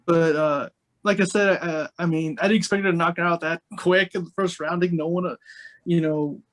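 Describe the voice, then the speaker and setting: A man's voice: fairly high pitch, fairly even intonation, fairly quick, fairly bright tone. A man co-hosting a casual podcast discussion, rambling with lots of fillers and restarts. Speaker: podcast co-host.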